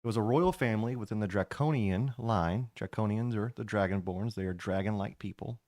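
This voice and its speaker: A man acting as game master, narrating a tabletop game in a lively, casual way. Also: on the low side, brisk, no room sound, studio quality.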